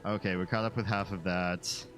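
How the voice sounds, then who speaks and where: A man's voice: deep voice, fairly even intonation, normal speed, fairly bright tone, soft background music. A man streaming a game, rambling sardonically to his chat. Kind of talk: casual gameplay commentary.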